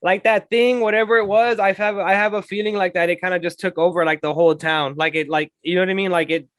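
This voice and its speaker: A man's voice: sits high, steady tone, quick pace, a bit bright, no echo. A man co-hosting a casual movie review chat, rambling with many filler words and frequent laughs. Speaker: podcast co-host.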